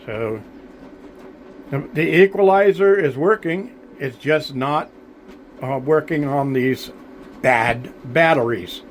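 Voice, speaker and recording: A man delivers a blunt, aggravated rant straight to his vlog audience, stopping often on fillers. His voice sits a little high for a man. A faint hiss of background noise runs under the recording. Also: takes it slowly, long pauses. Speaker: homesteading vlogger. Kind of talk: frustrated to-camera vlog rant.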